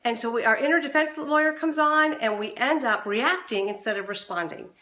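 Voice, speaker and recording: A woman's voice: fairly quick, roomy sound. A middle-aged woman hosting a relationship advice show, talking straight to the viewer and acting out the voices she quotes. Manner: animated, acts out quoted voices with big pitch swings. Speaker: relationship coach and show host. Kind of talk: direct-to-camera advice talk.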